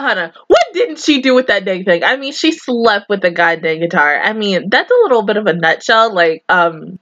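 A woman's voice: mid-range voice, sing-song, measured pace, fairly bright tone, no echo, lo-fi sound. A young woman hosting an anime reaction, gushing and giggling through casual commentary full of "like" and "oh my god".

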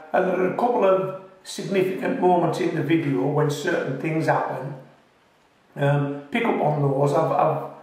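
Hosting a gardening channel, a UK man with a voice on the high side and a darkish tone offers casual, friendly how-to talk. He's reassuring, jokes and laughs at himself, and occasionally speaks with his mouth full, recorded from a distance in a very echoey space.

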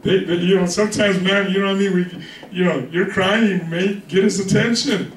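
A man's voice: sits high, steady tone, normal speed, slight background noise. A man preaching a sermon as pastor, conversational and joking, often checking in with his congregation. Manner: conversational, joking, keeps asking "you with me?". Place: church hall with congregation. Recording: echoey hall from far off, congregation.

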